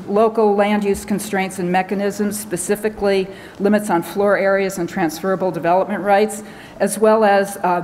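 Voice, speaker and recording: Hurried American woman at a conference. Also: mid-range voice, a little mellow, long reverb tail, slight background noise. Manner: hurried, talking fast with many fillers and restarts. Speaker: conference speaker. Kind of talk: conference talk. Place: large conference hall.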